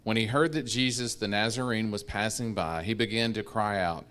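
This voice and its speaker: A man in a church Bible class reading a modern scripture paraphrase aloud in a relaxed way. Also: on the low side, moderate pace, few pauses, clear, resonant tone.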